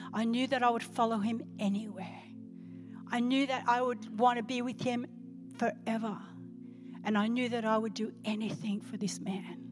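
High-voiced woman preaching an emotional testimony. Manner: emotional, dramatic swings from whisper to crying out. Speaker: pastor. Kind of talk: sermon testimony. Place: church.

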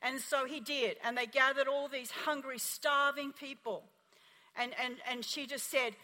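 An Australian woman pastor preaching a sermon, telling a story in an animated, emphatic way. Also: sits high, measured pace, long reverb tail.

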